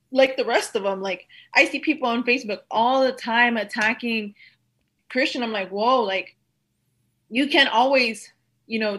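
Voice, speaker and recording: A woman's voice: fairly high pitch, bright, forceful tone. A woman in casual podcast talk who rambles and fills her speech with "like". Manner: rambling, heavy use of "like".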